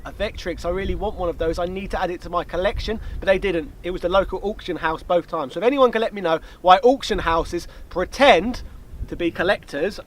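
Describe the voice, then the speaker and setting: A man hosting a casual Q&A, chatty and jokey, with quick asides. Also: high voice, slight background noise, low-quality recording. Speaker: YouTube host. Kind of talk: casual Q&A chat. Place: outdoor location, light background noise.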